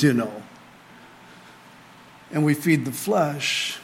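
A middle-aged man preaching a sermon as a pastor to a small group, earnest, rising to emphatic lines and dropping to quiet asides. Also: fairly high pitch, measured pace.

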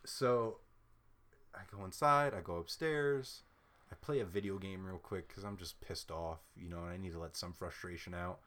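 A young man telling a story in a casual chat, swearing freely and ranting with animated frustration. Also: deep voice, moderate pace.

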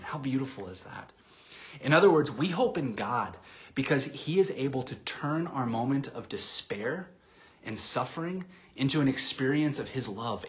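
A man preaching a sermon to his congregation in a relaxed, conversational way, with fillers and restarts, sometimes dropping to a soft near-whisper. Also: mid-range voice. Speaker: pastor.

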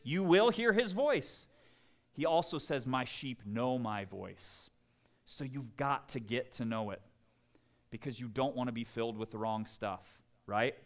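A man preaching a sermon in an animated, conversational way, full of jokes and asides. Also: mid-range voice. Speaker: pastor.

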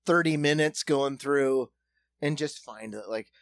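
A man's voice: medium pitch, measured pace, vocal fry, no room sound, studio quality. A man co-hosting a comedy podcast, telling a rambling anecdote with many fillers. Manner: rambling, filler-heavy storytelling. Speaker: podcast co-host. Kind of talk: casual comedic chat.

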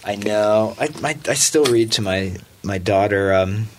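A man's voice: on the low side, measured pace, a little hiss or hum. A man in casual conversation who tells stories and acts out the lines of the people in them. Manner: storytelling, acting out dialogue. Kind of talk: casual chat.

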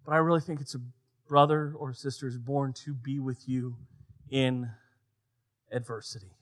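A man preaching a sermon, swinging between loud emphatic lines and quiet, soft passages. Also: medium pitch, steady tone, moderate pace. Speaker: pastor.

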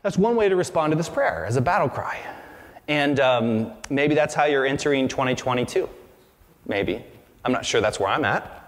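A man's voice: mid-range voice, expressive, normal speed, in a large hall. A man preaching a sermon as pastor, earnest and conversational, often restarting his sentences.

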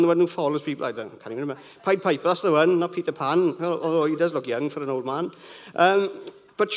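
A middle-aged man gives a sermon in a conversational, rambling way full of personal anecdotes. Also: on the high side. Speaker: preacher.

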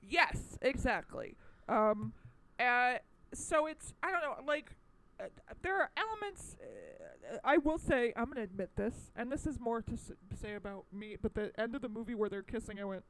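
Recorded indoors in New York, a young woman co-hosts a podcast in a slightly high, fairly bright voice with big pitch swings at normal speed. She chats casually, rambling with plenty of fillers and restarts. The low-quality recording has a little hiss or hum.

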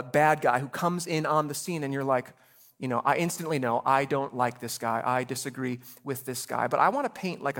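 Animated man preaching a sermon. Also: fairly high pitch. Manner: animated, acts out voices, rapid asides. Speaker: pastor.

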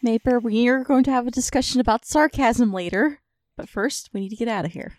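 A woman playing a tabletop game, chatting in a lively, sarcastic way. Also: a little high, fairly quick, no echo, studio quality. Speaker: player. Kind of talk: casual tabletop game chat.

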